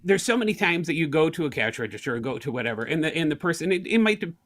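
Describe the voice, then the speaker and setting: A man's voice: fairly high pitch, racing. A middle-aged man from the United States telling everyday stories in a casual interview, acting out both sides of small conversations in changing voices. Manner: animated, acts out little scenes of talk in shifting voices. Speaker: guest speaker.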